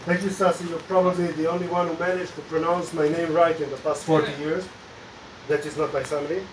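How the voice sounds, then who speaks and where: A man in his forties with an Israeli accent, a Hebrew speaker doing open-mic stand-up in English with dark deadpan jokes and hesitant fillers in a small basement club. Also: a little high, quick pace, slight background noise. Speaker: stand-up comedian. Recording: roomy echo, distant mic.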